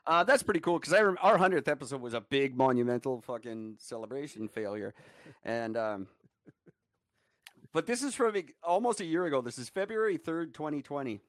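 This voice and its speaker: A man's voice: a little high, very animated, fairly quick, no echo. A man co-hosting a podcast, telling rambling, profane stories between bursts of laughter. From Canada. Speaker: podcast co-host. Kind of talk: casual chat.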